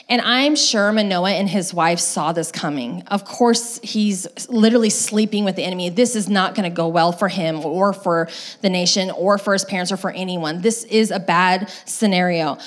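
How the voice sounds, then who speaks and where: A young adult woman pastor preaching a sermon. She tells the story casually, with lots of fillers, and acts out quoted lines. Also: medium pitch. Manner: lively retelling with acted quotes.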